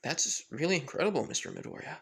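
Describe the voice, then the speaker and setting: A man's voice: fairly high pitch, animated, fast, gravelly, a bit bright, slightly rough, exaggerated voice. A man voicing a reserved, polite teenage boy who speaks formally and hesitantly.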